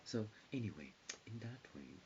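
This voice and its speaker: A man's voice: on the low side, very animated, normal speed, dark tone. A man in his forties rambling in a disjointed stream of consciousness, often dropping into whispers. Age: 40s. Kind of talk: rambling monologue. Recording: dull hissy lo-fi recording.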